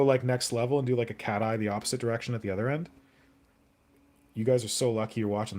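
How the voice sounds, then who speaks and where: A man's voice: medium pitch, steady tone, quick pace, a little mellow. Chatty man streaming his hobby. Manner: rambling, chatty, answers viewer comments aloud. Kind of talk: casual live-stream chat while sculpting.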